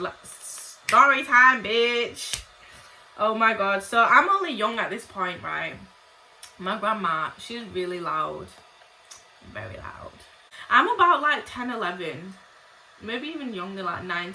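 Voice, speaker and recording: Bright-voiced blunt young woman. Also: mid-range voice, a little hiss or hum, rough recording. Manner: blunt, heavy swearing, chatty asides to viewers. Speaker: vlogger. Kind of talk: casual storytime monologue.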